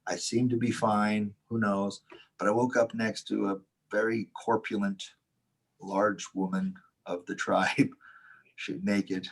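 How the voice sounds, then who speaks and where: Husky-voiced man telling a rowdy story. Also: lowish voice, measured pace. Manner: animated anecdote, acts out quotes, laughs often, swears. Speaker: Taoist teacher, podcast co-host. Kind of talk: casual storytelling chat.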